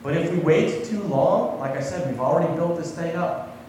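A man's voice: a little high, moderate pace, a little mellow, a little hiss or hum. Preacher man in a roomy echoing hall. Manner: conversational, asks the congregation questions. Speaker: pastor. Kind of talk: sermon. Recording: echoey hall, voice from far off.

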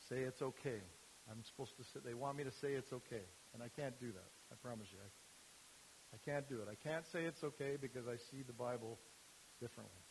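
A man's voice: medium pitch, slight background noise, poor audio. A man giving an informal sermon as a youth ministry speaker, talking conversationally with many fillers and restarts.

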